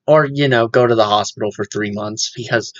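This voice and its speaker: A young man from the States, co-hosting a podcast in blunt, profane, deadpan chat. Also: fairly low pitch, brisk. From Southern United States. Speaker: podcast co-host. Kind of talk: casual chat. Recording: dull lo-fi audio.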